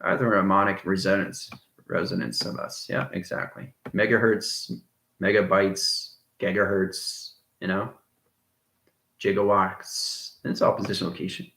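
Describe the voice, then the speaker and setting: Male host with a rambling, chuckling delivery, low but bright voice, recorded in a reverberant room. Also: level tone, unhurried, gravelly. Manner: rambling, chuckles often, jumps between soft and loud. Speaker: channel host. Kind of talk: rambling spiritual monologue.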